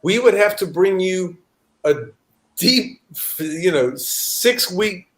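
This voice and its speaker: A man with a fairly high voice hosts a relaxed livestream chat. His pitch swings widely as he stresses his points. He often repeats words for emphasis. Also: takes it slowly. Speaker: channel host.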